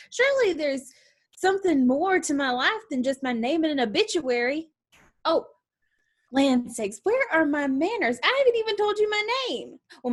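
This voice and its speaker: Woman doing a bubbly Southern girl. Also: high voice. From New Orleans, US South. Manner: giggly, endlessly chattering, overly polite. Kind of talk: stage play acting.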